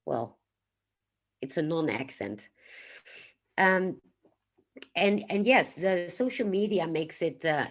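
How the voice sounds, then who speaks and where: Hosting a casual livestream, a Dutch woman from the Netherlands speaks in a deep voice. She's reflective and unhurried, stopping now and then to greet and thank people in the chat.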